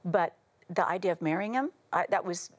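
A middle-aged American woman, a talk show guest, telling stories with lively quoted voices and frequent laughter. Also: on the low side, brisk. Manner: animated, acts out quotes, laughs often. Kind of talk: casual talk show storytelling.

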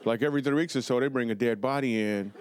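A man doing stand-up comedy storytelling in a TV studio, animated and playful, with quick asides to the audience. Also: mid-range voice, noisy background. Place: television studio before a live audience.

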